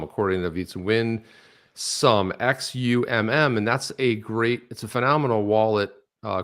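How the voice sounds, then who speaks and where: A middle-aged man co-hosting a casual chat, telling stories in a rambling, animated way with lots of restarts. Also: on the low side. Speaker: co-host.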